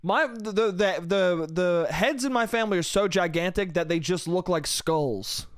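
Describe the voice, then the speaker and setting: Speaking a little slowly in a high-pitched voice, a young man hosts a solo comedy podcast. He rambles, mocks himself, curses freely, and refers to the listener as dude and bro. The recording is dry with clean studio sound.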